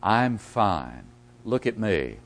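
A man's voice: lowish voice, sing-song, takes it slowly, gravelly, pitched below the performer's own voice, full character voice. A man voicing a resentful, self-righteous elder brother who complains indignantly in a sermon.

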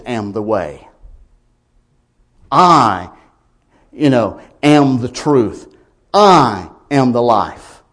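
A man preaching a sermon, emphatic, with swings from quiet lines to loud ones. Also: mid-range voice.

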